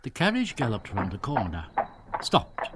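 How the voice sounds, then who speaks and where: Low-voiced male narrator, noisy track. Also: wildly swooping pitch. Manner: measured, descriptive. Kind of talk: scripted literary narration. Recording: noisy recording.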